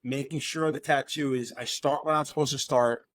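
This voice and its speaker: A man who is a tattoo artist, telling excited, profane stories in a casual conversation over a remote call. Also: medium pitch, moderate pace, dry recording. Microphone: remote call mic.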